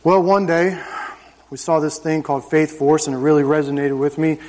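His voice is fairly high and a little mellow, with little pitch movement and a moderate pace, as this man in his thirties gives his testimony at church. He speaks to the congregation in an emphatic, conversational storytelling style. The recording carries the reverb of the church hall.

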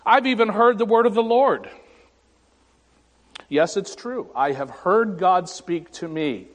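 Slow, high-voiced male pastor preaching in a hall. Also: animated. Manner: dramatic pauses, voices scripture and God with rising emphasis. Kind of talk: sermon. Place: church sanctuary. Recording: long hall reverb.

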